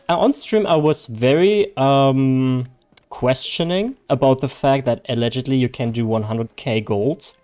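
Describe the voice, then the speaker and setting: A man's voice: medium pitch, a little mellow. A man chatting casually on a live game stream, reading viewer chat, joking and laughing often.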